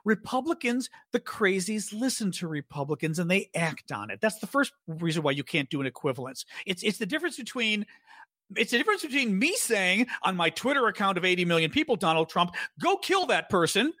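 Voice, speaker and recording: A man's voice: sits high, sing-song, brisk, sharp tone, no room sound. A man co-hosting a political podcast, talking in a heated, emphatic way and swearing for stress. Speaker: podcast co-host. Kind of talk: political commentary chat.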